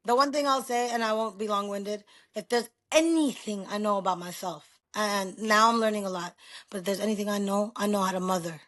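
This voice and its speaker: Loud New York woman telling stories. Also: mid-range voice, fairly quick. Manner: loud, animated storyteller. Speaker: guest. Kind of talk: casual chat.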